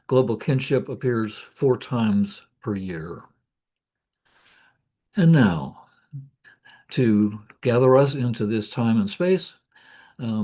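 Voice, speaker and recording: A man hosting an online gathering, welcoming people slowly and hesitantly over a video call. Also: on the low side, darkish tone. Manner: slow, hesitant with fillers. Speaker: host. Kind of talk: welcoming introduction.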